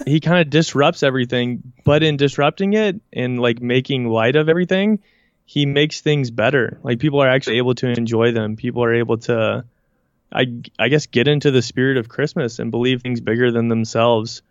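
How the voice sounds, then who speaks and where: A man's voice: medium pitch, fairly quick, no room sound. Easygoing man, dry dull recording. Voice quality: easygoing, musing, casual slang. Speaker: podcast co-host. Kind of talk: casual chat. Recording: dry, dull-sounding mic.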